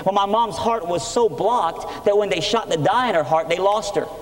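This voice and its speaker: Man, sermon testimony, earnest storytelling, high voice, long hall reverb. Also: normal speed. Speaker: preacher giving testimony. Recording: echoey hall.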